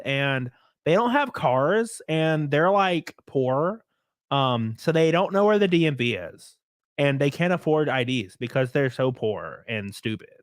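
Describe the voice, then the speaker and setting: A man's voice: fairly high pitch, clean tone, no room sound, studio quality. A man mimicking an airheaded young woman with a Californian valley girl accent, hesitant and full of fillers.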